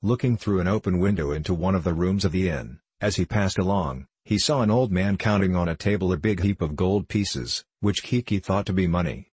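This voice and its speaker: Deep, husky male storybook narrator. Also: no room sound. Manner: steady, measured reading.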